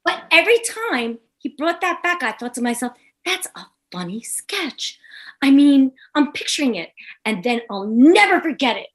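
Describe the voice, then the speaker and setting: A woman comedian guest telling a lively anecdote in a podcast interview, acting out the people she quotes. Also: high voice, normal speed. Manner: animated, acts out quoted voices.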